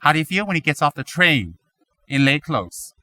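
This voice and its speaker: A man giving a Buddhist teaching, animated and full of rhetorical questions, now and then mimicking other people's voices. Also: on the high side, normal speed, no echo. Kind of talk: dharma talk.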